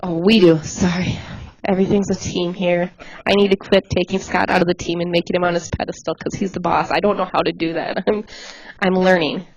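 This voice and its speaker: A woman volunteer coordinator talking casually and quickly to volunteers, chatty and laughing easily. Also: on the low side, steady tone, lo-fi sound. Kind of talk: casual livestream address.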